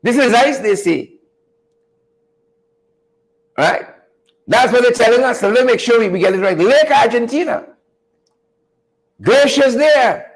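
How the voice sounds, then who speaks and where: Guy hosting a news chat, high voice, folksy and preachy, keeps repeating stuff and talking to viewers. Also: lively intonation, unhurried, pauses often, poor audio. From Guyana. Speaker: show host.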